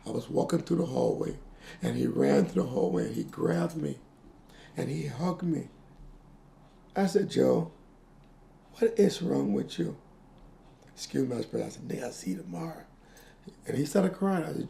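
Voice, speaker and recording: A man in his sixties being interviewed, telling a painful family story with quoted dialogue and halting repeats. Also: mid-range voice, gravelly, dark tone. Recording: echoey room with faint noise.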